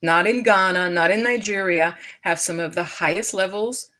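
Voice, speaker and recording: Woman, middle-aged, US, wellness coach live-streaming; lowish voice, emphatic and conversational. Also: moderate pace, bright, forceful tone. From United States. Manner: chatty and emphatic, frequent asides and restarts. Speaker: stress coach and yoga teacher.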